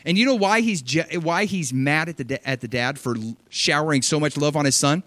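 A man's voice: on the high side, a little fast, no room sound. A man preaching a sermon, reading scripture aloud and expounding on it with emphatic energy. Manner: animated, emphatic, reads scripture aloud and riffs on it.

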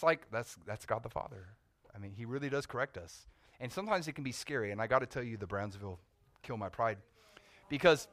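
A young man preaching, telling a personal testimony with animated storytelling that swings from hushed to loud. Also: mid-range voice, no room sound. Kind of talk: testimony sermon.

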